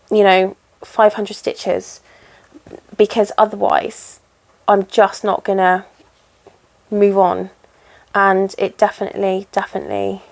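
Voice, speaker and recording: Lady chatting away while she cross stitches, rambly, laughs at herself, middle pitch. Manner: rambling, chatty and self-deprecating. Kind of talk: casual chat while stitching.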